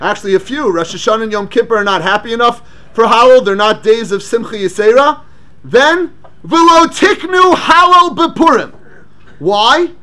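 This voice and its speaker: A man giving a lively Torah lecture, asking rhetorical questions and mixing English with Hebrew and Yiddish terms. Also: very high-pitched. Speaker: rabbi teaching Torah class.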